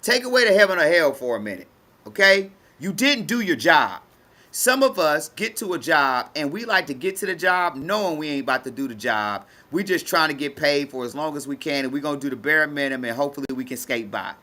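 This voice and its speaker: A woman's voice: low voice, expressive, a little fast, bright, forceful tone. A woman teaching a spiritual message to an audience, emphatic and colloquial, repeating phrases for effect. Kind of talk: preaching to an audience.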